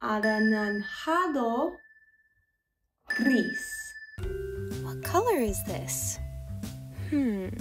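Sing-song woman coaxing toddlers, slow. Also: on the high side, expressive. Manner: slow, deliberate repetition for toddlers. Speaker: children's language teacher. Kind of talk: children's educational talk. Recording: echoey room with faint music.

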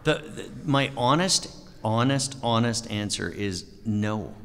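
A middle-aged man, a voice actor answering questions on a convention panel, self-deprecating and quick to laugh. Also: lowish voice, lively intonation, creaky, fairly bright tone, clean tone. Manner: self-deprecating, laughs often, acts out quoted remarks. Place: large convention hall. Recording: echoey hall.

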